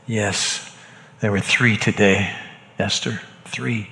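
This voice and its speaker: A man's voice: on the low side, steady tone, creaky, pushed and bright, big-room sound, full character voice. A man playing a shaken Roman centurion. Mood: grave, shaken. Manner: halting, stammers and repeats words. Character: shaken Roman centurion, hardened male executioner.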